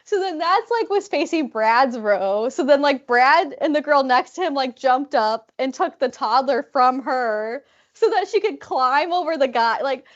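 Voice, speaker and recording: A woman co-hosting a podcast, telling a travel story in an animated way, full of "like" fillers and acted-out quotes. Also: high voice, unhurried, lo-fi sound. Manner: animated, many "like" fillers, acts out quoted people. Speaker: podcast co-host. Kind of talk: casual storytelling chat.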